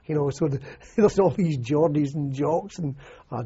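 An older Scottish man tells his old army stories in a loose, rambling way, often circling back with "you know." His voice is very husky and mellow, heard through a dull, muffled old recording. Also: on the high side, normal speed. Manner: rambling, anecdotal, frequent restarts and "you know". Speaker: interviewee, army veteran. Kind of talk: oral history interview.

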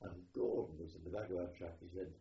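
Older man, Welsh accent, low pitch, rambling with ums, roomy dull tape with faint hiss. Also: steady tone, quick pace, gravelly. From Wales. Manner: rambling, with many ums and restarts. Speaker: war veteran. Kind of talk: oral history recollection.

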